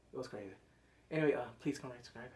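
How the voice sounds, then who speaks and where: A man reviewing a TV episode in a casual, animated way, swearing freely and acting out scenes with quick put-on voices. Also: mid-range voice. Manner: swears casually, slangy and emotional. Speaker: TV show reviewer.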